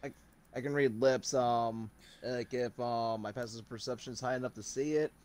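A man's voice: medium pitch, steady tone, normal speed, darkish tone. A young man playing in a tabletop game, explaining in a rambling, hesitant way. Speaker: player. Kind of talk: casual tabletop play.

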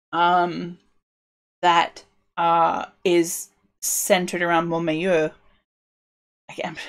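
Unhurried woman, lowish voice, casual livestream, thinks aloud with many restarts. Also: vocal fry. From United Kingdom. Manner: rambling, self-interrupting, musing aloud. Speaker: streamer building a game world.

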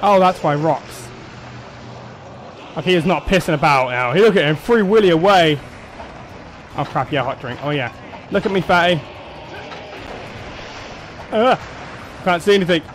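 A high-voiced man talks through his game run in a loose, rowdy let's-play style. His pitch swings widely as he jumps between muttering and yelling, and a faint hiss sits under the recording. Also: moderate pace, pauses often, low-quality recording. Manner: excitable, swears, shouts and laughs at the game. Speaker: gameplay commentator.

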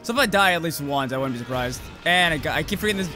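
A man giving casual gameplay commentary as a let's-play host, swearing freely and yelling insults at the monster he fights. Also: fairly high pitch, expressive, very fast, hardly any pauses. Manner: profane, yells insults at the monster. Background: game music.

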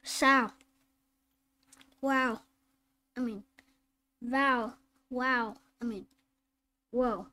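Woman teaching phonics, reads each word super slow and careful, fairly high voice. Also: fairly even intonation, sharp tone. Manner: slow, deliberate word-by-word reading. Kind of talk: reading aloud phonics drills.

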